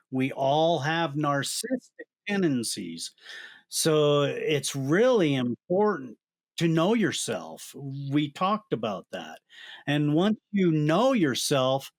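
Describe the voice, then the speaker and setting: Male podcast host, slightly high voice, slow and earnest, lecturing gently. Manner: slow, deliberate, earnest advice-giving. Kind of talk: podcast interview conversation.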